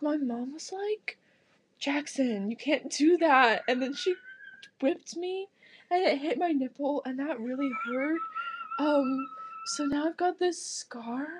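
A woman's voice: sits high, a little hiss or hum, poor audio. A woman voicing a whiny young male vampire prince, rambling in a mock-sad way.

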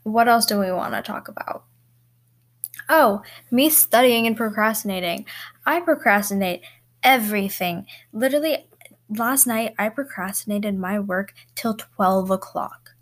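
A teenage girl hosts her own podcast from her bedroom, chatting solo and rambling along with plenty of fillers and little laughs. Her voice is mid-range and she speaks in an unhurried way.

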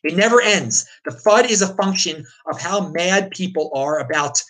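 A man's voice: high-pitched, lively intonation, normal speed, a bit bright, low-quality recording. A man hosting a livestream, talking off the cuff in an emphatic, ranting way, repeating himself and restarting often. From United States. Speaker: crypto livestream host. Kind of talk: unscripted opinion talk answering viewers.

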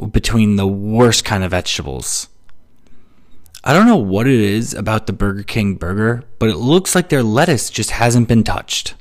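A man hosting a solo comedy podcast, ranting sarcastically about everyday annoyances and mocking people in quick put-on quotes. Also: on the low side. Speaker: podcast host. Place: New York City.

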